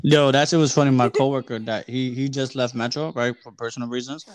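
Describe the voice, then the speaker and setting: A man hosting a podcast in casual chat, telling stories loudly, laughing a lot and swearing freely. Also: medium pitch, fairly even intonation, fairly quick, dry recording, low-quality recording. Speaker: podcast host.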